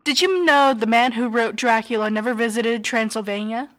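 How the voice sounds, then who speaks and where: Fairly high-voiced woman co-host. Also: moderate pace. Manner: matter-of-fact, reading out trivia. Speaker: podcast co-host. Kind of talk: casual podcast chat.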